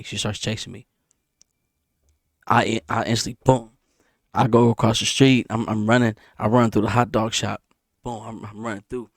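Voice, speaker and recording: Man, gravelly voice, dry close sound, animated storytelling, repeats lines. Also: no echo. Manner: animated, repeats himself, sound effects like boom. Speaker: vlogger. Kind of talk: casual storytelling.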